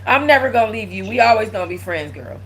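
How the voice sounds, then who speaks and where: A woman's voice: mid-range voice, a bit bright, slight background noise, low-quality recording. A young adult woman hosts a casual livestream and talks straight to her viewers. She is blunt and profane, with a plain mid-range voice. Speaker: channel host.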